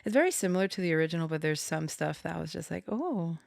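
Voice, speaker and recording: A woman with a low, gravelly voice chats slowly and loosely, giggling and trailing off mid-thought. Her voice is close and dry, with no room sound. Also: steady tone, dry recording. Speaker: tarot channeler and storyteller. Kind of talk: casual chat reading out musical lyrics.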